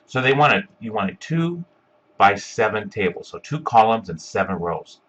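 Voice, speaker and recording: A man giving a step-by-step screencast software tutorial, talking casually with lots of ums and uhs. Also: on the low side, very animated, moderate pace, slight background noise. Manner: step-by-step, filler-heavy with frequent ums and uhs. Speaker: instructor.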